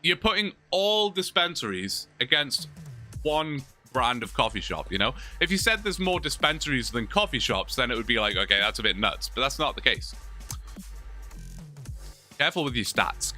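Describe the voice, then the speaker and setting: A man's voice: medium pitch, big pitch swings, normal speed, sharp tone, faint music behind. A British man from England, chatting casually and joking with viewers during a live gaming stream. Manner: chatty, joking, many restarts.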